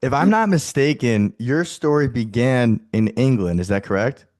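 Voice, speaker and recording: A man's voice: mid-range voice, lively intonation, moderate pace, a little mellow. A man co-hosting a podcast, asking friendly follow-up questions. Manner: friendly, affirming interviewer. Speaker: podcast host. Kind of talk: podcast interview.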